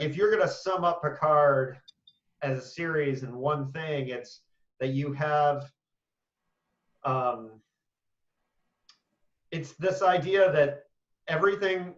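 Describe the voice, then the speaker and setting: A man hosting a casual panel discussion, talking in an animated, emphatic way with quick asides. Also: fairly high pitch, reverberant, far from the mic, dull audio. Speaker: podcast host.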